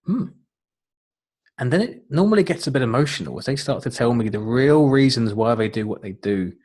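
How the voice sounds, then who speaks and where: A man's voice: mid-range voice, lively intonation, fast talker, darkish tone. A middle-aged man, a life coach, giving an earnest, encouraging webinar talk with frequent fillers. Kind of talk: webinar presentation.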